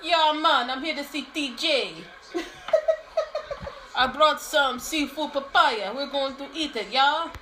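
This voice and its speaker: A woman voicing an easygoing tropical cousin in a put-on Jamaican accent, slow and laughing. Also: sits high, noisy background. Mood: playful. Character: laid-back tropical cousin, easygoing joker.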